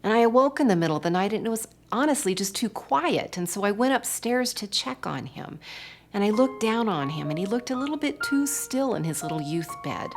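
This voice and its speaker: A woman's voice: mid-range voice, expressive, a little fast, music in the background. An older woman giving a devotional talk, telling personal stories in a reflective way. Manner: personal storytelling, warm and reflective. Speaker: speaker.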